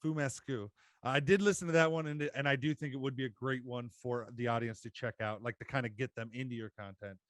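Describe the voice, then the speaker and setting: A man hosting a podcast interview in casual chat, giving brief, measured responses with "uh" fillers. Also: mid-range voice, steady tone, no echo, clean studio sound. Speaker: podcast host.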